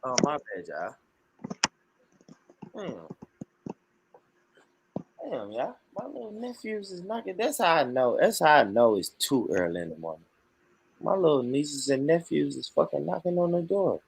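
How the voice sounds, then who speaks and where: A man's voice: on the high side, sing-song, a little slow, creaky, long pauses, a little hiss or hum, poor audio. A man hosting a casual livestream from home, joking and swearing playfully. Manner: playful, profane, joking banter. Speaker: livestream host. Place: at home, early morning.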